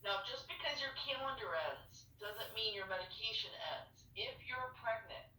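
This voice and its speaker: A woman's voice: a little high, normal speed, pushed and bright, roomy sound, recorded from a distance, low-quality recording. A woman working as a fertility nurse, patiently explaining a medication calendar step by step over a video call and checking understanding with "okay?".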